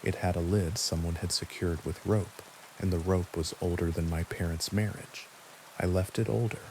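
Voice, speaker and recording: A man calmly narrating a first-person horror story in a measured, quiet way. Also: deep voice, slight background noise, low-quality recording. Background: steady rain.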